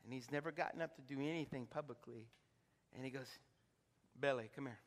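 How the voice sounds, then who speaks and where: A man preaching a sermon as pastor. He moves between hushed, intimate passages and loud, soaring climaxes, then leads an altar call. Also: medium pitch, fairly quick. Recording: reverberant hall, from a distance.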